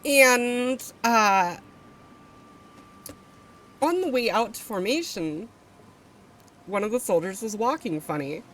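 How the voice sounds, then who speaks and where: A woman's voice: fairly high pitch, lively intonation, slow pace, long pauses, fairly bright tone, slight background noise. A woman streamer tells a story to her live chat in a loose, rambling way. She swears freely and trips through fillers and restarts as she goes.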